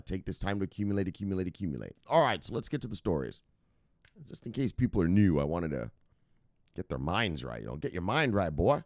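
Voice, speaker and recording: A brash, profane man talks straight to his viewers in casual solo commentary. His pitch swings all over the place, and he chuckles as he goes. The recording is dry and close, with no room sound. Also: no room sound. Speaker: host of a crypto news channel.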